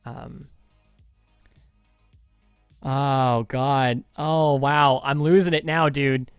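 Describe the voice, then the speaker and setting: A man of middling pitch plays a word game on a casual podcast, stalling with ums and joking at his own expense. His voice sits dry and close to the mic, with faint music underneath. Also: steady tone, drawn-out words, smooth, dry recording. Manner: hesitant, full of ums, joking and self-deprecating.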